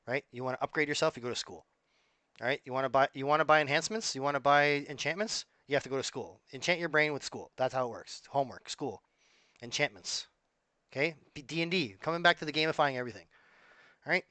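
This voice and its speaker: A man's voice: medium pitch, pushed and bright, no room sound. A man talking in a casual, rambling monologue, sarcastic and often breaking off mid-thought. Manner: rambling, sarcastic, self-interrupting. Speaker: musician and vlogger.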